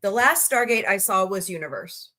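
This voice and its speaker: A woman's voice: animated, moderate pace, pushed and bright. A woman hosting a casual livestream, rambling happily, greeting viewers by name and laughing easily. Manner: chatty, rambling, reads chat aloud and greets viewers; laughs easily, voices reactions with sudden high squeals. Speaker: livestream host.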